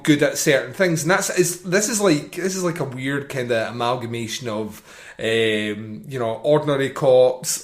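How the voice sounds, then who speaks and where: A man co-hosting a film podcast in casual chat, enthusiastic, laughing often and restarting his sentences. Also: medium pitch. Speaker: podcast co-host.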